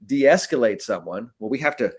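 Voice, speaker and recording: A man's voice: mid-range voice, normal speed, breathy edge. Male podcast co-host and coach, casual storyteller with an easy manner and casual swearing, mid-range voice. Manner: animated, swears casually, frequent "right?" tags.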